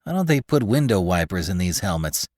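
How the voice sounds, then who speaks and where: A man's voice: low voice, brisk, dry recording, studio quality. Click Hathaway, a man doing a jittery photographer. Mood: excited. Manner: jittery and excitable. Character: small, nervous male space photographer.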